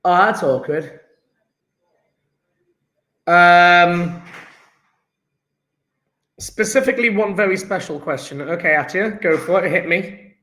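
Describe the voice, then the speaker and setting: A man's voice: high-pitched, slow pace, long pauses, bright, forceful tone, roomy sound. A male teacher chatting and joking with his class while taking the register in a live-streamed online lesson. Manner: chatty, joking, takes register and reads out student chat.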